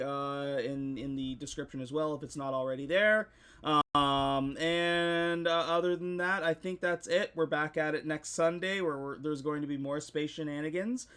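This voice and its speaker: A man narrating a tabletop game as its game master, with a voice a touch higher than most men. He keeps it chatty and laughs easily between descriptions, all on a desk mic over voice chat. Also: fairly even intonation, measured pace, fairly bright tone, clean tone.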